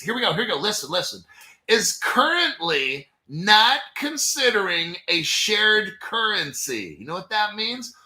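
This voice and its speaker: A man's voice: high-pitched, very animated, unhurried, bright, forceful tone, reverberant. A man hosting a casual crypto commentary video, talking in a hyped, jokey way and swearing often. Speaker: crypto channel host.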